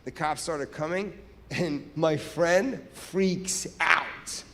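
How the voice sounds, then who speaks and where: A male stand-up comedian telling a story live on stage in an animated, loud way, with shouted bursts. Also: a little high, extremely slow, vocal fry. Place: large venue. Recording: echoey hall, live stage.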